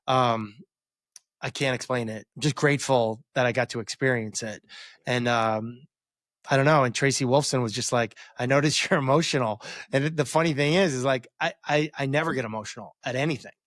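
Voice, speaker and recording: A man's voice: medium pitch, a little fast, fairly bright tone, no echo, clean studio sound. A man in his forties, a guest on a podcast, telling a long reflective story in a rambling way with many fillers and restarts. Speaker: guest, former quarterback.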